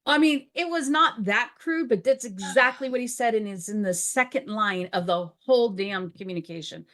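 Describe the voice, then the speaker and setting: A woman's voice: medium pitch, normal speed, a bit bright. A woman co-hosting a podcast, talking frankly and casually, laughing often and acting out bits of dialogue. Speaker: podcast co-host. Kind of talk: casual candid chat.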